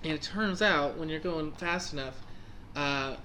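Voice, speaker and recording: A young man tells a chaotic story in relaxed podcast chat. His voice sits high and bright, and he acts out his past reactions with bursts of laughter. A faint hiss runs under the recording. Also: unhurried.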